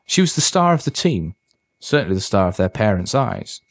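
A man narrating a story in an even, steady reading voice. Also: fairly low pitch, fairly quick, vocal fry.

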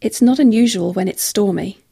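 A woman voicing a smooth, possessive man who insistently coaxes a young woman to stay with him. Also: mid-range voice, brisk. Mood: terse. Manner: calm, coaxing, insistent. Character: smooth possessive rich man, unsettling suitor.

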